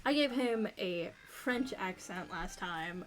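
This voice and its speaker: A woman chatting quickly and playfully to her stream chat while she plays a cozy innkeeping game. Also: medium pitch, expressive, slight background noise.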